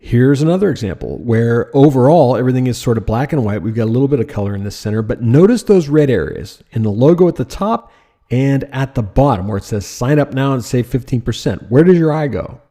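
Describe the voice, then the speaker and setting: Gravelly-voiced male design instructor. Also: mid-range voice, fairly quick. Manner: lively and emphatic, rhetorical questions. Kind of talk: lecture over slides.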